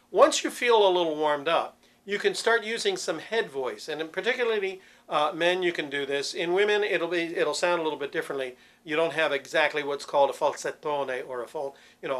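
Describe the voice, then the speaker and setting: A man teaching church cantors vocal warm-ups, explaining patiently and demonstrating sounds. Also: fairly high pitch. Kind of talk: instructional talk with sung demonstrations.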